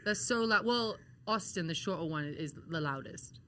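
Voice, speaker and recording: A woman with an English accent, an interview guest telling animated, laughing stories with frequent swearing. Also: lowish voice, moderate pace. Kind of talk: casual storytelling interview. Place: hotel-side event venue in Las Vegas.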